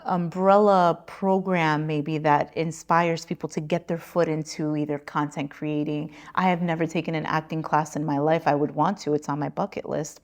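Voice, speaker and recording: A woman comedian answering interview questions at a convention, telling lively stories and slipping into quoted voices. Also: low-pitched. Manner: lively storyteller who slips into quoted voices. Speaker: comedian and content creator.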